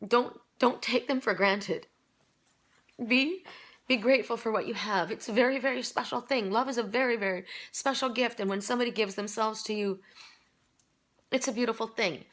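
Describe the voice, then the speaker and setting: A woman's voice: mid-range voice, fairly bright tone. A middle-aged woman giving a spiritual oracle card reading, talking in an emotional, earnest way and often restarting her sentences.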